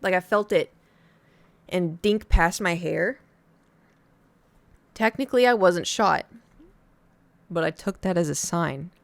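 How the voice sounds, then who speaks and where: A young woman streamer casually telling a story to her chat, acting out other people's lines in a high voice. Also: takes it slowly, gravelly, long pauses, no echo.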